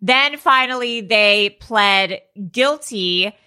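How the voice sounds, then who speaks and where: A woman's voice: medium pitch, slow, pushed and bright, smooth. A woman co-hosting a casual podcast, chatty and self-deprecating, often laughing as she tells stories. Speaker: podcast co-host. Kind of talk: casual chat.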